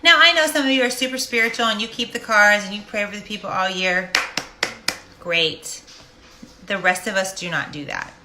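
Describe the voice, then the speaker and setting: A woman's voice: mid-range voice, normal speed, sharp tone, a little hiss or hum. A woman, a life coach, speaking directly and animatedly in a casual faith-based monologue. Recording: roomy echo.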